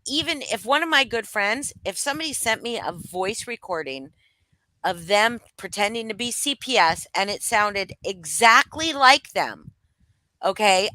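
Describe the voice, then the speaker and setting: Young woman ranting on a stream, bright forceful voice, cusses a lot, dry close mic. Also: mid-range voice, no echo. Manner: blunt, swears freely, rambling restarts. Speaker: livestream co-host. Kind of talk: casual gossip commentary chat.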